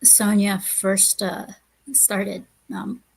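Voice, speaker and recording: Creaky, husky-voiced woman speaking haltingly. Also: medium pitch, steady tone. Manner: halting, hesitant, many restarts. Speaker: guest streamer. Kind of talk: casual podcast chat.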